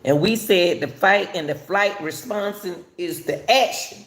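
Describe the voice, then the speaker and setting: A woman's voice: on the low side, unhurried, roomy sound. An older woman, hosting a casual talk for viewers and repeatedly addressing them as y'all. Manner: repetitive, chatty, addresses listeners as y'all. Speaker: host.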